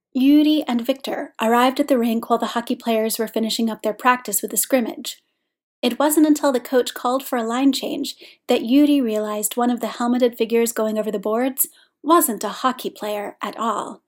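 Brief: woman audiobook reader, a touch high, steady pace. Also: normal speed. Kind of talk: scripted narration.

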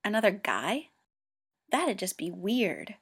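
A woman's voice: mid-range voice, big pitch swings, slow, husky, exaggerated voice. A woman reading a story aloud and voicing a flustered, defensive teenage boy Go player who talks in raised, indignant bursts. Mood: sullen. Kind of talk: amateur audiobook reading.

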